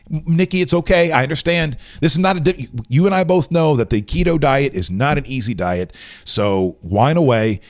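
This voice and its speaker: A man's voice: medium pitch, a little mellow. A middle-aged man hosting a casual live stream, rambling and chatting with viewers in a tired, weak voice after a late night. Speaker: live show host. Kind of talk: casual livestream chat.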